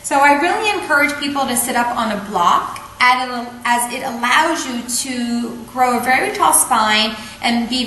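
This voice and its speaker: A woman teaching a yoga breathing technique in a calm, patient way, often checking in with "okay?". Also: a little high, a little hiss or hum. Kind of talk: instructional explanation. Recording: echoey room, faint ambience.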